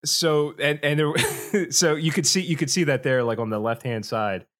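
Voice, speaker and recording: A man's voice: fairly high pitch, moderate pace, fairly bright tone. A man co-hosting a casual chat, rambling with lots of restarts and laughter, swearing freely. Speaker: podcast co-host.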